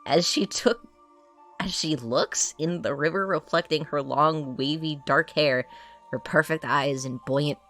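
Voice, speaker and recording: A man playing an exasperated male warrior who reads a cheesy romance aloud and keeps protesting loudly. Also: a little high, measured pace, faint music behind. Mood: reading. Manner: grumbling, loud protesting outbursts. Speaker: player character. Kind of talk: in-character dramatized reading in a tabletop game.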